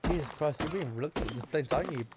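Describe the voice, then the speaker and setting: A man's voice: a little high, very fast, heavy background noise. A man giving let's-play commentary, frustrated and swearing often as he plays, muttering to himself. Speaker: gaming YouTuber. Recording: game music playing behind. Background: game music.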